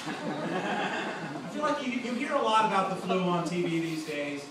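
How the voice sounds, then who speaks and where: A man doing an open mic stand-up set in a small supper club, with a punchy delivery and sudden loud outbursts. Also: high-pitched, a little slow, long pauses. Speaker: stand-up comedian. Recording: distant, echoey club recording with room noise. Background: audience laughter and club ambience.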